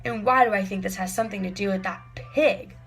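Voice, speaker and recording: A woman voicing a stern, sharp-tongued older woman who speaks in clipped, commanding grumbles. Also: mid-range voice, a little fast, breathy edge, faint music behind. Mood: indignant.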